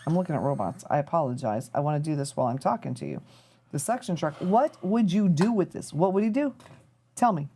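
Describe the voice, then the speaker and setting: Woman rambling to her live chat while fiddling with stuff, warm low-key tone. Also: lively intonation, a little fast, slight background noise. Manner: chatty and rambling, thinking aloud while tinkering. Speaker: live-stream host. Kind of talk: casual chat to a live audience.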